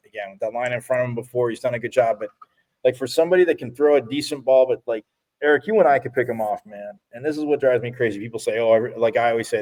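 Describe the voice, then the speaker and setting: Rambling animated sports-talk man. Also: mid-range voice. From from Phoenix area. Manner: rambling, restarts, animated storytelling. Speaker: sports talk show co-host.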